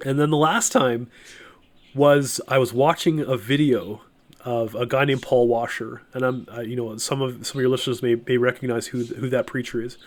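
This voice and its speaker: A middle-aged man, a podcast guest, telling a personal faith testimony in an earnest, halting way, with many restarts and fillers. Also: mid-range voice, fairly even intonation.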